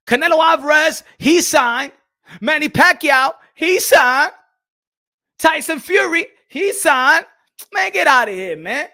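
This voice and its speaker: Boxing channel guy ranting hard, high pitched and gravelly, swearing a lot, yelling at his chat. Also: expressive, slow pace. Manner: loud, profane, heated ranting; talks straight to his viewers and chat. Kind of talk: ranting livestream commentary.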